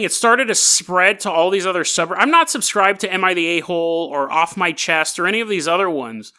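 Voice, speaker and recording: A man's voice: sits high, bright, forceful tone. A man hosting a podcast, telling a strange story in a casual, wry way and laughing at his own asides. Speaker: podcast host.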